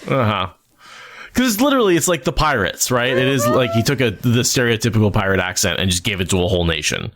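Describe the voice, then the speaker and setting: A man's voice: medium pitch, sing-song, quick pace, fairly bright tone, slight background noise. A young adult man co-hosting a casual book podcast, joking around with goofy sung sounds and mock voices. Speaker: podcast co-host. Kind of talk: casual book discussion chat.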